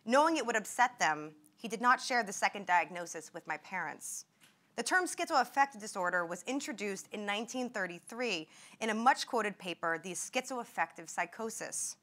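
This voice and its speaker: A woman's voice: mid-range voice, expressive, moderate pace, a bit bright. A woman in her twenties giving a talk, reading passages from her memoir aloud and acting out the quoted outbursts with rising intensity. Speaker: invited speaker at a medical grand rounds.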